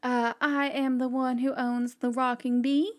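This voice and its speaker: A woman's voice: sits high, level tone, unhurried. A woman voicing a polite, hesitant older male ranch owner who rambles with fillers. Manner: courteous, hesitant, filler-heavy.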